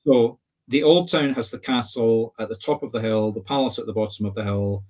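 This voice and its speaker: A man's voice: medium pitch, brisk, a little mellow. Chatty Scottish man hosting. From Scotland. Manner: chatty, explains at length, teasing. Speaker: host. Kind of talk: casual video-call chat.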